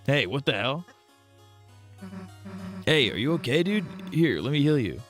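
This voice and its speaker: A man's voice: medium pitch, big pitch swings, a little slow, fairly bright tone, faint music behind, pitched above the performer's own voice. A man voicing a tough, blunt teenage monster girl who talks brusquely and impatiently. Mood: gruff.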